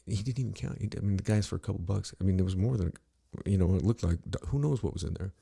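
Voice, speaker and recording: A man's voice: low-pitched, fast talker, vocal fry, warm tone, husky. A middle-aged man talking bluntly and casually on a podcast, rambling and profane, with lots of "you know" between his thoughts.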